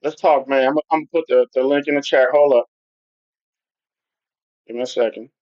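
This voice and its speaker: A man's voice: mid-range voice, fairly even intonation, brisk, a little mellow, no room sound. A man hosting a casual football livestream who rambles loosely and talks straight to his chat. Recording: dull lo-fi home stream audio.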